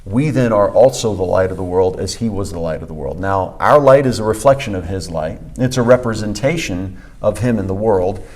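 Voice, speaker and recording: A man's voice: low-pitched, fairly quick, few pauses, darkish tone. A man co-hosting a church podcast, teaching conversationally and emphatically, repeating key phrases with frequent fillers. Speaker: pastor and podcast co-host.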